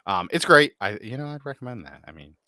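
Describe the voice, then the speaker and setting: A man hosting a casual chat in a relaxed, loose way with the odd swear word. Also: mid-range voice, fast talker, dry recording, clean studio sound. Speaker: host.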